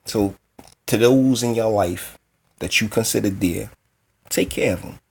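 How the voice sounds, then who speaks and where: A man's voice: lowish voice, measured pace, creaky, darkish tone, breathy edge. A man hosting his own commentary show, reacting bluntly and with feeling to news clips and reading out an article. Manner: blunt, emotional, exasperated. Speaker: commentary host.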